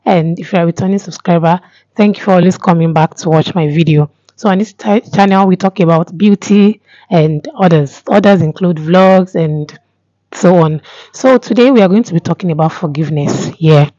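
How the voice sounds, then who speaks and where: A young woman talking straight to camera in a casual vlog, earnest and repetitive, pausing often with "um". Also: lowish voice, mellow, no room sound. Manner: earnest, repeats herself, many pauses with um. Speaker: vlogger. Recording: dull lo-fi sound.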